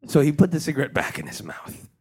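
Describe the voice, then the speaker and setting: A man hosting a comedy podcast, improvising a ghost story in a hushed, mock-spooky way. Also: fairly high pitch, sing-song, quick pace, breathy edge. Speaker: podcast host.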